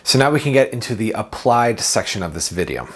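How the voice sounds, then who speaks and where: Earnest man with a lively voice. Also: lowish voice, brisk, slightly rough. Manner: earnest, questioning, repeats phrases. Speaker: productivity coach. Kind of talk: reflective self-help monologue.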